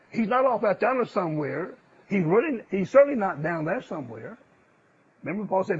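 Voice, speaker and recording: Man preaching, husky voice, fairly high pitch, dull lo-fi recording. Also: sing-song, normal speed, long pauses. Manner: swings from loud emphatic declarations to low hushed asides. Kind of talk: sermon. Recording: dull lo-fi sound.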